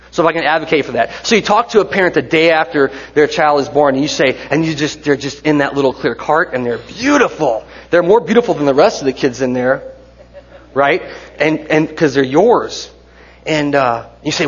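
A man's voice: on the high side, slightly rough. A man in his forties preaching a sermon in a church, conversational, with joking asides and rhetorical questions. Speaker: pastor. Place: church sanctuary. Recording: dull sound with long hall reverb.

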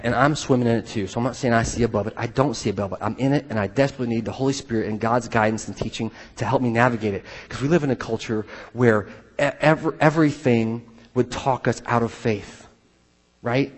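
Male pastor, husky timbre, conversational preacher with restarts and dynamic swings, recorded in a reverberant church hall. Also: mid-range voice, brisk. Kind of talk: sermon.

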